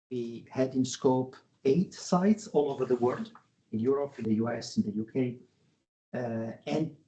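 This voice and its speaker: A man walks through a business slide presentation over a video call. He pauses often on filler sounds and corrects himself mid-sentence. His voice sits at a middle pitch for a man. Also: warm tone, rough recording. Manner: halting, with frequent filler sounds and self-corrections. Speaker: guest presenter at an industry webinar.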